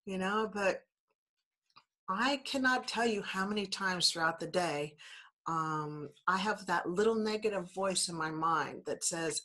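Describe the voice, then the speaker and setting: A woman's voice: medium pitch, normal speed, fairly bright tone. A woman in her fifties from New Zealand, slightly congested, hosting a podcast with an upbeat, encouraging motivational talk full of repeated affirmations. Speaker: podcast host.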